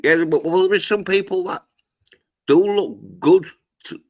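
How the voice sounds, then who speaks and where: A man co-hosting a casual podcast, talking haltingly and swearing constantly. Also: sits high. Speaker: podcast co-host. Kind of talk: casual crude banter.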